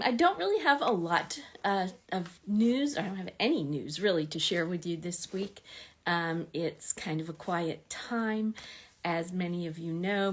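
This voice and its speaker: A woman hosting a fan club livestream in a casual, chatty way, full of ums and small laughs. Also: on the low side. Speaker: fan club administrator and host.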